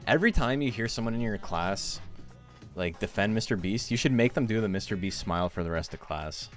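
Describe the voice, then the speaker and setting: With soft background music playing, a young streamer and game tournament host talks casually in a fairly low, expressive voice at a slightly fast pace. His chatter wanders, full of filler words and frequent laughter.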